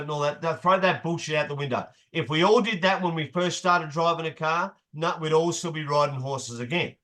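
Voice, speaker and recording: A man's voice: fairly high pitch, moderate pace, hardly any pauses, sharp tone. A man leading a motivational group session as coach, emphatic, repeating key phrases and swearing casually.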